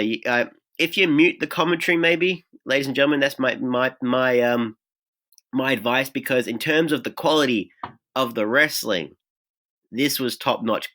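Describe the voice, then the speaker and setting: A man's voice: mid-range voice, pushed and bright. A man with an Australian accent, hosting a podcast and recapping wrestling in a chatty way, full of fillers and asides. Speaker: podcast host. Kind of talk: casual recap talk.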